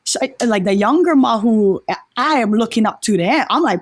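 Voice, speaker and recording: A woman's voice: a little high, animated, moderate pace, no room sound. A woman from Oahu, a podcast guest talking in an earnest, reflective way and often restarting her sentences. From Oahu, Hawaii. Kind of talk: reflective casual conversation.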